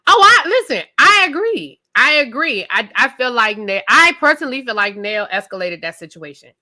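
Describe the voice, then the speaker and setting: A woman hosting a live TV review show, talking loudly and emphatically straight to her viewers in a casual rant. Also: a little high, big pitch swings, normal speed. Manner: loud, emphatic, talks straight to the audience.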